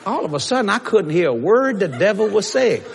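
A man preaching a lively church sermon, joking and breaking into shouted bursts, with a husky voice. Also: sits high, brisk, slight background noise. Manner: animated, shouting in bursts, joking, acting out quotes. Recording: long reverb of a church hall.

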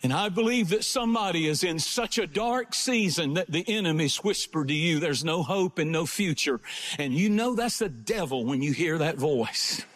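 A man preaching with a high, ringing voice. He builds to fervent, near-shouted climaxes and then drops into slow, low storytelling. This is a sermon delivered with full conviction. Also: lively intonation.

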